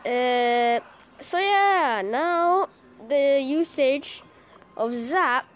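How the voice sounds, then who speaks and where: A woman giving excitable live commentary over her own card-battle game, cheering and groaning at every play. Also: high voice, very slow. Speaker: gaming channel host.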